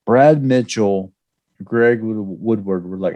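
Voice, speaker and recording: A man co-hosting a veterans' podcast, telling old army stories in a casual, animated way. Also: on the low side, moderate pace, muffled recording. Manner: storytelling, animated, with laughs. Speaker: podcast co-host.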